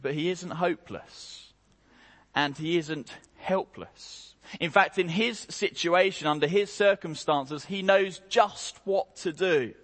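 A man preaching a morning sermon, slow and emphatic, with dramatic rises and quiet drops. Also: a little high. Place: church hall. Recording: long hall reverb.

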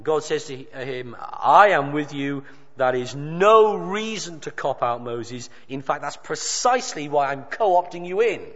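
A man delivers a sermon, slightly high-pitched and emphatic, pausing for effect and voicing the quotes he reads. The recording is dull and lo-fi, with a long reverb trailing each phrase as if in a church hall. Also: expressive, a bit bright. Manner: emphatic, with dramatic pauses and quoted dialogue. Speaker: preacher.

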